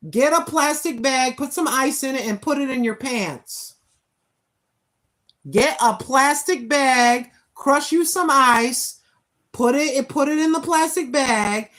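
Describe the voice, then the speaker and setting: Woman, 60s, livestream host, slightly high voice, preachy joking warnings. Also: a bit bright, poor audio. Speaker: walking vlog host. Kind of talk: casual livestream chat. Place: at home indoors.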